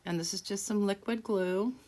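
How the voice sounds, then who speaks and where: A woman's voice: medium pitch, steady tone, normal speed, darkish tone. A woman hosting a craft tutorial, chatting casually and self-deprecatingly while she works, laughing often. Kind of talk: casual craft demonstration voice-over.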